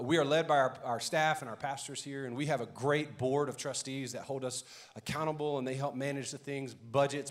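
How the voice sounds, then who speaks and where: Man, pastor, Cajun accent, energetic church announcements, rallying. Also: mid-range voice. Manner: loud, rallying the congregation.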